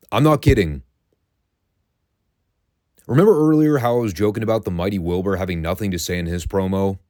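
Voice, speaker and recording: A deep, low-voiced man hosts a casual podcast, recounting old events with sardonic, profane amusement. His voice sits close to the mic in a dry, dead room with no echo. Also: darkish tone. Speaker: podcast host.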